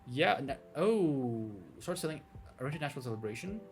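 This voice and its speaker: A man doing let's-play commentary on a strategy game, excitable and swinging into shouting and giddy whoops. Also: on the high side, a little fast, a little hiss or hum. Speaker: gaming streamer.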